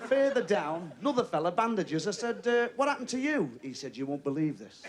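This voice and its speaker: A man with a Liverpool accent doing a stand-up comedy routine, telling jokes and voicing characters in a TV studio. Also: sits high. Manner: quick joke-telling with lively voiced characters. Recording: TV studio with audience laughter.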